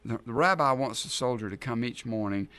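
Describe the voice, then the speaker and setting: A man's voice: medium pitch, fairly quick, bright, forceful tone, no room sound. A middle-aged man, preaching a sermon in a conversational way full of rhetorical questions. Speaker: pastor.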